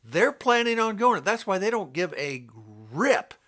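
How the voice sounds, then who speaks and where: A man's voice: high voice, sing-song, a little slow, a bit bright. An older man giving an informal, rambling Bible teaching in a blunt, scolding way. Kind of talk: informal preaching monologue.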